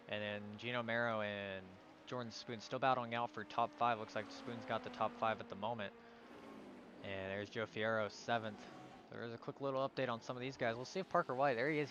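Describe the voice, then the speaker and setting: A man's voice: mid-range voice, noisy background. A man giving live commentary on an online sim race, calling out positions and sometimes stumbling over drivers' names.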